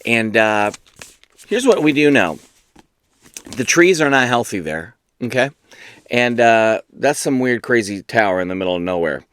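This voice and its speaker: Speaking at a measured pace, the booktube host has a medium-pitched, animated, slightly bright voice with no echo. His casual talk rambles along, full of self-mocking jokes.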